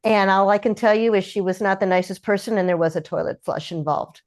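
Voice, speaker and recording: A woman's voice: medium pitch, steady tone, fairly quick, darkish tone. Amused woman voiceover artist guest. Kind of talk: casual interview chat.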